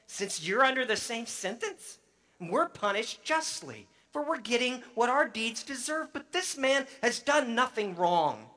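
A man's voice: mid-range voice, measured pace, fairly bright tone, in a large hall, natural voice. A man voicing a condemned male criminal, reading his lines in a raised, urgent pleading tone within a sermon. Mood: urgent rebuke.

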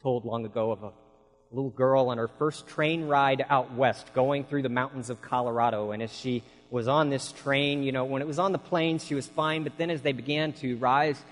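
A man's voice: mid-range voice, steady tone, moderate pace, big-room sound, low-quality recording. A man preaching a sermon, telling folksy stories in an earnest way.

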